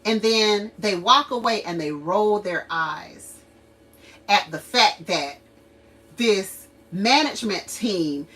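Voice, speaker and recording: Speaking slowly in a medium pitch, this mother and livestream host rants and tells animated stories full of laughter and acted-out quotes. She sits far from the mic, and the audio is poor.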